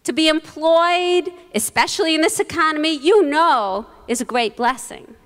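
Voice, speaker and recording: A woman rabbi giving a holiday sermon, telling stories with quoted voices and gentle humor. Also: high voice, moderate pace. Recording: long reverb in a large hall.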